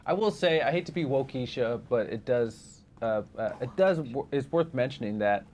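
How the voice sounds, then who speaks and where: Animated laughing man co-host. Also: mid-range voice, moderate pace, a little hiss or hum. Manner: animated, laughs often, comic. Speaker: podcast co-host. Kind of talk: casual movie review chat.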